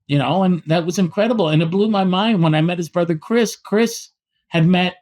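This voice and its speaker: Animated storytelling man from Canada. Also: high-pitched, brisk. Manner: animated anecdotes, frequent restarts and acted quotes. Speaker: boxing historian and author. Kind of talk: storytelling in a podcast interview.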